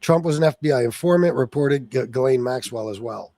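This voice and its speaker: A man's voice: mid-range voice, brisk, warm tone, no echo. A man hosting a political livestream, reading chat and ranting angrily with lots of swearing. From Sicilian heritage. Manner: angry, profane ranting at viewers.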